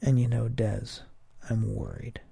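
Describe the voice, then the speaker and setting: Man voicing a conspiratorial woman, whispers close, husky, dry room. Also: mid-range voice, wildly swooping pitch, takes it slowly, no room sound, pitched above the performer's own voice, heavily acted. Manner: hushed, breathy whisper.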